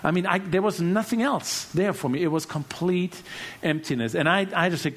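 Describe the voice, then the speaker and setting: A German-accented man tells his testimony in an earnest sermon style. His voice sits a little high for a man. He drops to near-hushed lines and then breaks into loud bursts. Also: moderate pace. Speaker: speaker giving testimony.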